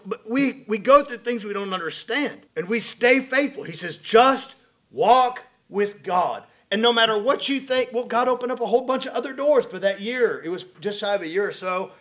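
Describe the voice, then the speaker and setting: A middle-aged man preaching a sermon, folksy and animated, swinging between loud and quiet. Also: high voice. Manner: folksy, animated preaching with rising and falling volume.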